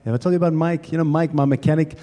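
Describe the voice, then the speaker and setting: Chatty preacher in a hall. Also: male voice, fairly high pitch, fairly even intonation, very fast, mellow. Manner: casual, chatty anecdote-telling. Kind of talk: sermon storytelling. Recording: echoey hall.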